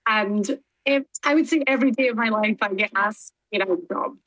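A Scottish woman talking live on the radio as a guest, chatty and animated. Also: mid-range voice, moderate pace, low-quality recording. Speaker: guest calling in live from abroad.

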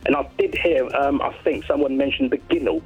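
A man's voice: fairly high pitch, big pitch swings, fairly quick, creaky, husky, soft background music. A man calling in to a radio phone-in, chatting casually and rambling with lots of fillers and restarts over a phone line. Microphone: telephone.

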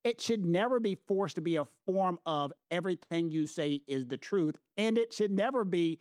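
A man with a Southern US accent explains the law to his co-host in an emphatic, lecturing way, repeating phrases for stress. His voice sits high for a man. The recording is dry, with no room sound. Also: animated, normal speed, a little mellow, no echo. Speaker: legal commentator co-host. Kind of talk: casual explanatory chat.

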